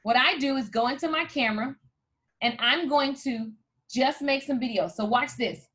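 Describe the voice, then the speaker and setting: Upbeat woman coach, bright and high-voiced, hyping up viewers live. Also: normal speed. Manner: energetic, hyped, addresses viewers as "you guys". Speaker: host and coach. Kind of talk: live video tutorial.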